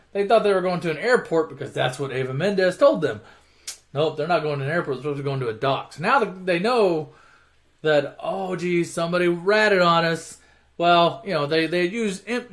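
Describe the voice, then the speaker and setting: A man casually retelling action movies for an online audience, swearing constantly and mocking the plots, jumping into shouted character voices. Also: a little high. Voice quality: swears constantly, mocks and rants. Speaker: movie recap storyteller.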